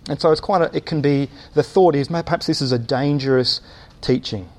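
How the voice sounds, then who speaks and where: A man's voice: on the high side, fairly quick, a little mellow. A man preaching a sermon in a church, thinking aloud with many uh's and restarts and posing rhetorical questions.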